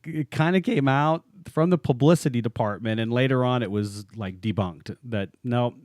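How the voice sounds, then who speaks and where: A man's voice: lowish voice, darkish tone, no room sound, clean studio sound. A man co-hosting a podcast in casual, chatty talk, joking and laughing often as he goes. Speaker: podcast co-host.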